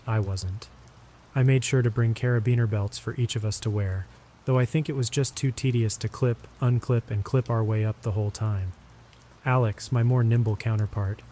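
A man narrating horror stories in a steady, measured, scripted delivery. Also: mid-range voice, slight background noise. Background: rain.

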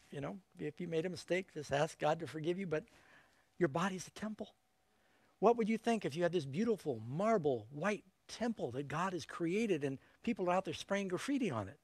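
A man's voice: a little high, no room sound. Folksy preacher man, dry close sound. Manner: folksy, joking asides, emphatic. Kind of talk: evangelistic sermon.

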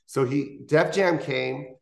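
A man in his fifties, a stand-up comic, talks through his stories in a slightly high voice. He jumps into lively impressions of the people in each anecdote, and his pitch keeps rising and falling. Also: takes it slowly, vocal fry. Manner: animated, acts out voices in anecdotes. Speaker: comedian guest. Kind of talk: interview storytelling. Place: interview studio.

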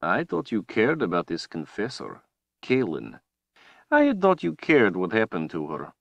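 A man voicing a cruel, menacing male tyrant wizard in an audiobook, speaking slowly and tauntingly. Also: fairly low pitch, huge pitch swings, vocal fry, dry recording, pitched above the performer's own voice, heavily acted. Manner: slow, taunting, drawn-out delivery. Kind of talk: audiobook character voice.

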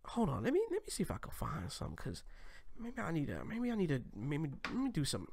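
A young man from the US East Coast hosting a casual livestream, talking in an animated, slangy way with laughing asides. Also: on the high side, fast, vocal fry, dry recording, studio quality. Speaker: host.

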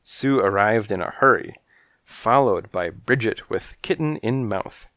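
A man narrates a storybook mystery in the first person at a slow, unhurried pace. His voice sits fairly low, and his storytelling is measured and dry. The studio sound is dry and close. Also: fairly bright tone, no room sound. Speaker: audiobook narrator.

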